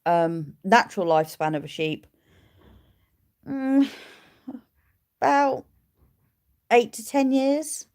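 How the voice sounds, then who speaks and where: A woman's voice: a little high, expressive, slow pace, long pauses, a little mellow. A woman keeping sheep, chatting casually on a livestream, answering viewer questions and cooing at her animals. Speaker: sheep keeper and livestream host.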